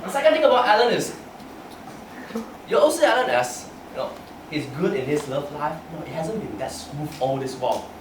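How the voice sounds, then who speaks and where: A lively young man with a slightly high, swooping voice tells funny stories about himself and often laughs mid-sentence. He is heard from some distance in an echoey meeting room, with clear background noise. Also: fairly quick. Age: young adult. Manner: animated storyteller, laughing through his lines. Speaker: club speaker giving a personal speech. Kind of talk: humorous prepared speech. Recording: echoey room from far off, noisy.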